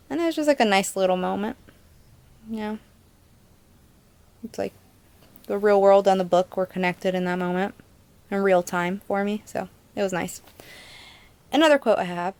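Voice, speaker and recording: A woman's voice: mid-range voice, normal speed, long pauses, smooth, dry recording. A young woman casually reviewing a book in a chatty, rambling way, with fillers and little laughs.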